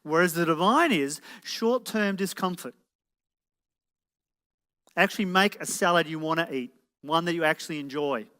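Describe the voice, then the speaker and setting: Slightly high-pitched and bright, his forceful voice rings clear and resonant at a moderate pace, broken by frequent pauses. He's a motivational speaker addressing a live audience in an echoing event hall, peppering them with rhetorical questions.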